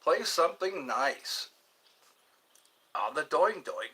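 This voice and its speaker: A man's voice: a little high, sing-song, slow pace, sharp tone, slight background noise. A man hosting a live stream in a casual chat, joking around playfully and answering viewers' questions aloud.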